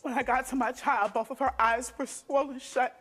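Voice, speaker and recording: A young woman giving testimony as a talk show guest. Her voice sits somewhat high. She retells the events in an earnest, detailed and emphatic way. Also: steady tone, moderate pace, a bit bright. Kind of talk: personal testimony.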